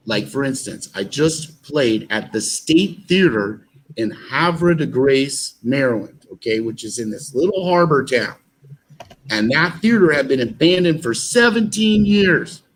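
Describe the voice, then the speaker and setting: A man's voice: medium pitch, lively intonation, measured pace, a little hiss or hum, rough recording. A man telling stories in an interview, rambling with fillers and restarts. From United States. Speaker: actor and musician guest. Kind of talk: animated storytelling in an interview.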